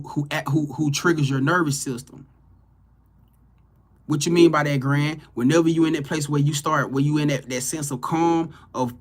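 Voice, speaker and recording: A man reading tarot cards live for his viewers, talking loosely and animatedly with slang, repetition and swearing. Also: fairly high pitch. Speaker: tarot reader on a live stream. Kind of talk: casual spiritual talk to viewers.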